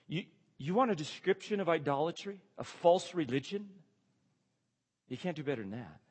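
A fairly high-voiced man preaching through a Bible passage with lively energy, tossing out rhetorical questions and little chuckles. His voice swings up and down as he builds each point. It rings out in a large hall with a long, trailing reverb. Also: unhurried, long pauses, husky. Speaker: pastor or Bible teacher. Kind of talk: expository sermon.

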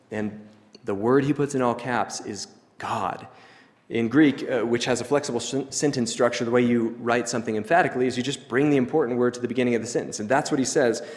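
A man preaching a sermon, teaching in a measured, explanatory way with emphatic pauses. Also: medium pitch, long reverb tail.

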